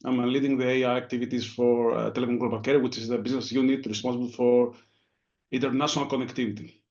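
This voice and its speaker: A man speaks as a panelist in an online discussion. He is courteous and hesitant, pausing often on fillers. His audio sounds dull and muffled. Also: medium pitch, flat delivery, darkish tone.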